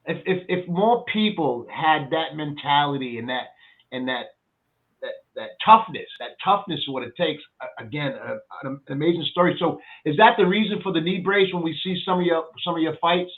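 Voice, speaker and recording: A man's voice: fairly high pitch, normal speed. A man hosting an interview, enthusiastic and reacting with repeated exclamations. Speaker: host. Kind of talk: casual interview. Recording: tinny phone-like line.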